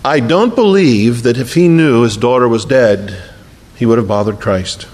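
A man preaching a sermon and telling the story with feeling, often dropping to a slow, quiet hush for emphasis. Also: medium pitch. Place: church sanctuary. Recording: long reverb of a large hall.

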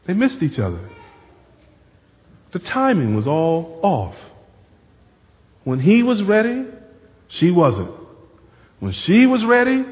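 A man preaching a sermon, talking casually and throwing asides to the congregation. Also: a little high. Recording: muffled sound with long hall reverb.

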